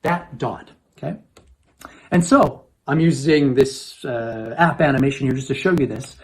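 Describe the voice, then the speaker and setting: A man's voice: mid-range voice, measured pace. A man casually presenting an astronomy lesson on a livestream. He talks in a chatty way, repeats phrases and keeps checking in with "okay?".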